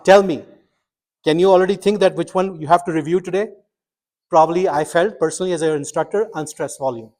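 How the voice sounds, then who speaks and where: Middle-aged male instructor, slightly high voice, lively classroom lecture, quizzes students. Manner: quizzing students, animated and emphatic. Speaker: medical school instructor.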